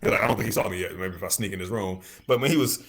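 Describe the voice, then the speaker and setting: A man's voice: low-pitched, racing, vocal fry, crowd noise. A man co-hosting a casual podcast, slangy and laughing as he talks. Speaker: podcast co-host. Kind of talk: casual chat about a TV episode.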